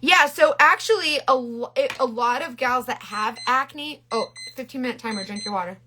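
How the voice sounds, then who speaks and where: Woman, middle-aged, higher voice, chatty and bubbly live-stream host, rambling delivery. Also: moderate pace, background noise. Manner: chatty, bubbly, greets viewers by name; rambling with frequent restarts. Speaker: makeup seller doing a live stream. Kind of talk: casual live-stream makeup demo.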